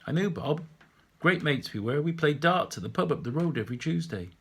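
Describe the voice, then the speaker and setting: A man's voice: a little high, lively intonation, brisk, husky, voice pushed up. A man putting on a chatty old widower. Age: older. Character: chatty elderly widower, lonely and persistent.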